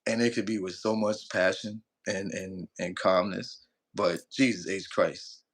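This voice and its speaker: A man's voice: deep voice, steady tone, unhurried, a bit bright, husky. A man with a New York accent joining a livestream as a guest, teasing and joking in slangy banter. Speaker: stream guest. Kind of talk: casual livestream chat.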